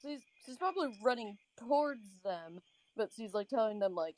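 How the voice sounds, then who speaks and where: A woman's voice: fairly high pitch, animated, normal speed, darkish tone. A woman playing a tabletop game, talking in a rambling way with lots of fillers. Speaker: player. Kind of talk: casual tabletop play.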